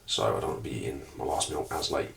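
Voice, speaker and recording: A young man chatting casually to camera in a relaxed, rambling way, with fillers and some swearing. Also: very deep voice, quick pace, gravelly, a little hiss or hum. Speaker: bodybuilding vlogger and personal trainer. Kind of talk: casual vlog chat to camera. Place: indoors at home and in a parked car.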